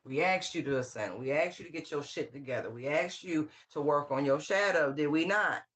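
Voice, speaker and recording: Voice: medium pitch, fairly quick, a bit bright. A tarot reader giving a casual channeled reading, full of slang and swearing, who scolds with sassy call-outs and repeated phrases. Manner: slang-heavy, swears freely.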